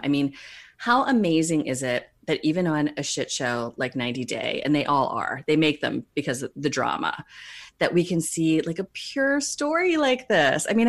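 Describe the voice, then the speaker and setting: A woman co-hosting a podcast in casual, enthusiastic chat, laughing often. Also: low-pitched.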